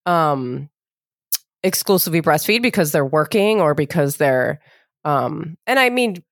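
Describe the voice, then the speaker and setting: A young adult woman hosts a casual chat and tells her own story, acting out remembered exchanges in a lively way. She trails off into frequent ums. Her voice is lowish and the sound is close and dry. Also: measured pace, no room sound. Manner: animated, acts out remembered exchanges, hesitant fillers. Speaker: podcast host.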